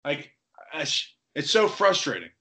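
A man's voice: on the high side, sing-song, unhurried, vocal fry, bright, forceful tone. A man co-hosting a podcast in casual sports chat, rambling with lots of "like" and restarts. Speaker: podcast co-host.

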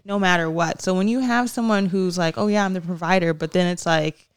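A woman's voice: on the low side, a little fast, smooth. A woman in a casual podcast chat, talking hesitantly with many restarts and fillers. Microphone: sometimes too far from the mic.

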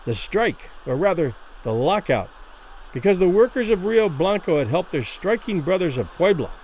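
A man narrating a classic short story as a vivid, expressive dramatic reading. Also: high-pitched, moderate pace, slight background noise, poor audio.

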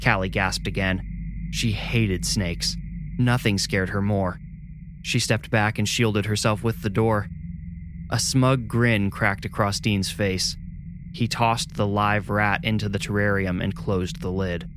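A man reading a scripted horror story in a measured, deliberate way. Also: fairly low pitch, fairly even intonation, background noise. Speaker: narrator.

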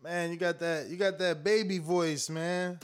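A man hosting a casual talk show, asking chatty, halting questions. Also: on the high side, fairly even intonation, a crowd in the background. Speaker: host. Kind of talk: casual interview.

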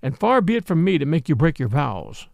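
A cocky, merry outlaw chief from a storybook reading, as a male narrator puts him on, raised and teasing in a lively, swinging voice. The tone is gravelly, with a dry, close sound. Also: a little high, fairly quick, no room sound. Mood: jaunty. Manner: jaunty, teasing, old-fashioned speech. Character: bold merry outlaw leader, grown man, cheeky.

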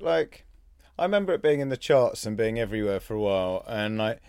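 A man's voice: fairly low pitch, expressive, a little fast, darkish tone, smooth, no room sound, clean studio sound. A man hosting a comedy podcast, teasing his guest with playful what-if riffs. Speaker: podcast host. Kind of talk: casual comedic chat.

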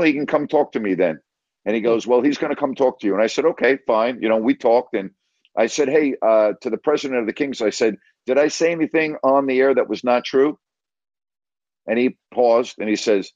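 A man's voice: mid-range voice, darkish tone, dry recording, lo-fi sound. A man who works as a sports radio broadcaster, telling a story as an interview guest and acting out the dialogue of the scenes he recounts. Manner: retells scenes with quoted dialogue. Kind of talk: anecdotal storytelling.

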